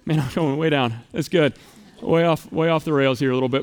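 A man in his thirties from the United States, preaching a sermon as pastor, storytelling with playful, animated asides. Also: fairly high pitch, brisk, clean tone.

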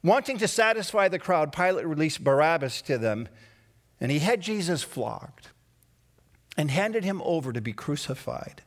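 A preacher with a high voice delivers a sermon. He drops to a hush, then rises into dramatic outbursts. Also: expressive, normal speed. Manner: dramatic, swings between hushed and raised voice. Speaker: pastor.

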